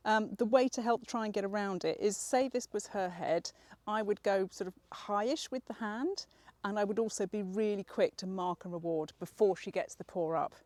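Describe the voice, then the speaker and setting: A woman's voice: medium pitch, normal speed, a little mellow, no room sound. A woman dog trainer, patiently explaining a training exercise step by step and encouraging the dog. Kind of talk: hands-on dog training instruction.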